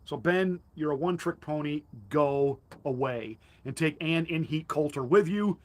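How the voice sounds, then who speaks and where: A man's voice: a little high, normal speed. A male pastor delivering a combative, mocking political commentary monologue with emphatic jabs.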